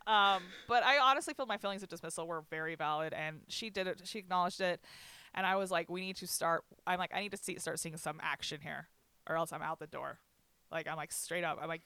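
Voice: medium pitch, fast, bright, forceful tone, clear, resonant tone, no room sound. A young adult telling a personal story in casual chat, candid and profane, laughing often and quoting others. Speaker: guest recounting a hospital stay.

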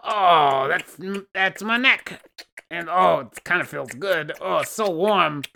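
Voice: medium pitch, animated, takes it slowly, creaky, pushed and bright, voice pushed up, heavily acted. A podcaster doing a goofy impression of a cackling male villain clown who gets flustered by a hug. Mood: giddy. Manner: over-the-top, swooning, laughing.

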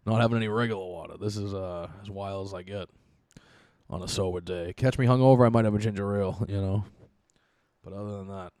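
A young man talks casually on his podcast, rambling and joking, with frequent laughs and plenty of swearing. His voice sits a little low and mellow. The sound is dry and close to the mic. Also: quick pace, no room sound. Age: young adult. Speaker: podcast host. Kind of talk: casual chat.

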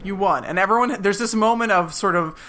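A woman's voice: mid-range voice, brisk. A woman co-hosting a podcast, animatedly recapping a TV episode and acting out the characters. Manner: animated, acts out quoted characters. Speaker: podcast co-host.

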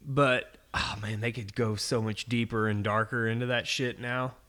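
A man's voice: medium pitch, steady tone, moderate pace, sharp tone. A man co-hosting a casual podcast, rambling enthusiastically and swearing a lot. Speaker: podcast co-host. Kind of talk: casual chat.

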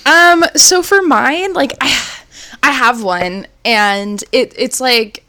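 A woman's voice: high-pitched, slow pace, bright, forceful tone. A woman co-hosting a podcast, talking casually and candidly with plenty of fillers. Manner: rambling, many fillers, candid. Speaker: podcast co-host.

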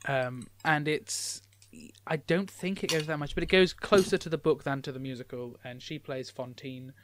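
A man's voice: a little high, normal speed, background noise. A young man co-hosting a podcast, chatting casually about films with frequent restarts. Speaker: podcast co-host. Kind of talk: casual film discussion.

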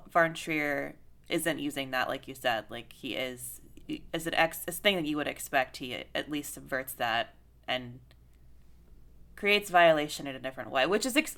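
Bright-voiced, low-pitched young woman chatting. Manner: animated, heavy on "like" fillers, swears freely. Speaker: podcast co-host. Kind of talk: casual film discussion.

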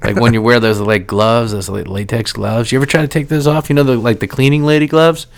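A man's voice: medium pitch, fairly even intonation, fairly quick. A man co-hosting a podcast, chatting casually and crudely, rambling and joking with frequent laughs. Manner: rambling, jokey, laughs often. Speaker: podcast co-host. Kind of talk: casual crude comedic chat.

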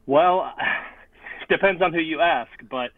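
A man's voice: on the high side, slow, dry recording. A young man guesting on a podcast, friendly and hesitant, with plenty of fillers. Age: young adult. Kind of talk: casual interview. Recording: tinny dry phone-like line.

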